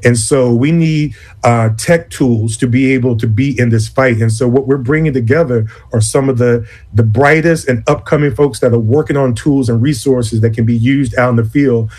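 A man who directs an advocacy conference, talking in an interview in a deliberate, earnest way and often restarting his phrases. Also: mid-range voice, a little mellow. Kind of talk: interview conversation.

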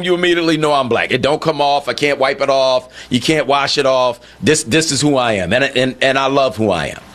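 A man hosting a radio talk show, talking in an animated, incredulous way that climbs to a high, emphatic pitch.

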